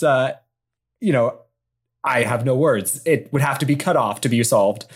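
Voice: mid-range voice, measured pace, breathy edge. Give me a game master narrating a scene playfully. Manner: playful, improvised storytelling. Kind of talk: tabletop role-play narration.

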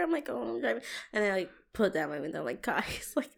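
Animated young woman telling a story. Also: mid-range voice, quick pace, creaky. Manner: animated, swears a lot, laughs often, acts out her own past lines. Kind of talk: casual chat, storytelling.

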